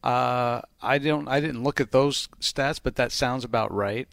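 A man's voice: mid-range voice, unhurried, vocal fry, a bit bright, no echo, studio quality. A man who works as a bookmaker, casually and methodically explaining betting lines on a podcast, laughing easily. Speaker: sportsbook bookmaker, co-host.

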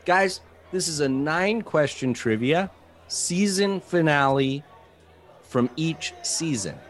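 Easygoing male podcast host, animated. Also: a little high, slow, slight background noise. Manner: relaxed, laughs often. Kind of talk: casual chat, reading trivia.

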